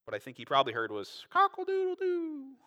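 A man's voice: medium pitch, normal speed. A man preaching a sermon, reading scripture expressively and explaining it in a conversational way with rhetorical questions and asides. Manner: expressive scripture reading, acting out quoted voices. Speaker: pastor.

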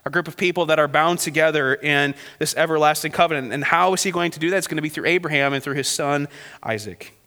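A man's voice: on the high side, fast talker, sharp tone. A man teaching a Bible passage verse by verse, reading scripture aloud and asking his listeners casual rhetorical questions. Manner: reads scripture aloud between casual remarks. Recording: long hall reverb.

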